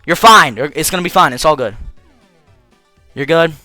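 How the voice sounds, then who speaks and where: A man's voice: fairly high pitch, animated, moderate pace, pushed and bright, no room sound, faint music behind. A young man casually commenting over a video game he's playing, with joking, slangy, crude asides. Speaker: let's play host.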